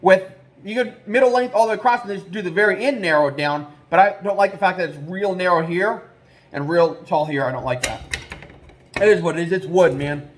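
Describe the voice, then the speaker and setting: A man with a fairly high voice chats loosely to his viewers. He rambles, fills gaps with ums and gets easily worked up. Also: brisk, a little hiss or hum. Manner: rambling and excitable, with many fillers. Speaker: trapping vlogger. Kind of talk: casual vlog talk.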